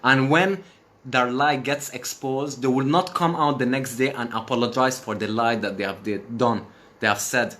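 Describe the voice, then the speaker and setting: A man's voice: mid-range voice, moderate pace, fairly bright tone. A man from Syria on a live stream, speaking with passion, swearing and repeating phrases for emphasis. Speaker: livestream host. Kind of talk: emotional live stream rant.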